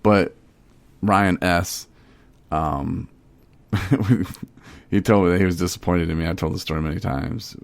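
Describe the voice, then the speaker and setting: A man's voice: sits low, fairly even intonation, a little slow, vocal fry, long pauses, no room sound. A man hosting a podcast, telling stories in a rambling, laid-back, casual way. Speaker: podcast host.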